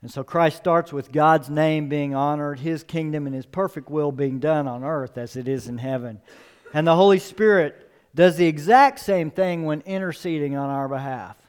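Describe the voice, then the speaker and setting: A man's voice: on the high side, moderate pace, clean tone. A male pastor preaching a sermon, emphatic, repeating key phrases and building up for emphasis.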